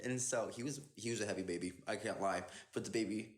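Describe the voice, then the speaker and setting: On a phone livestream, a young male dancer hosts an Instagram live, reading comments aloud and answering with a playful tone. His voice is on the low side, with fairly even intonation and a quick pace. He tends to trail off partway through his thoughts.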